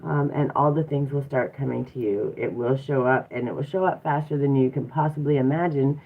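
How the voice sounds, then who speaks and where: Woman livestream host, low voice, reflective coaching tone, phone-quality tinny sound. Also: a little fast. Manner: reflective and encouraging, many rhetorical questions and "um"s. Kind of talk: casual motivational livestream talk. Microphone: device mic from a live stream. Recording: tinny phone-like live stream audio.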